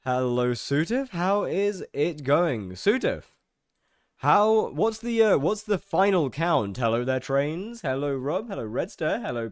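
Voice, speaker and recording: A man's voice: mid-range voice, no echo, clean studio sound. A man streaming a game, chatting casually with his viewers, greeting them by name and tossing in offhand, self-mocking asides. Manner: animated, greets viewers by name one after another. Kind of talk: casual livestream chat with viewers.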